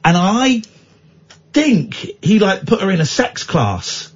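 Male radio host, jokey and teasing, husky, lively pitch. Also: slow, muffled recording. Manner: teasing, mock-exasperated, jokey. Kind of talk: casual radio banter.

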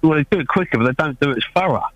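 A man's voice: fairly high pitch, lively intonation, rapid-fire, no echo, poor audio. A man who is a regular contributor to a radio show, talking bluntly and matter-of-factly. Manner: blunt, laughing, matter-of-fact.

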